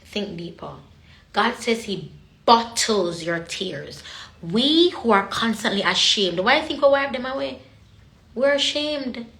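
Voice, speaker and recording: A woman vents in a casual monologue to camera. Her voice is fairly high and she is emphatic and repetitive. The room rings with echo. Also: lively intonation, measured pace, a bit bright. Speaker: vlogger.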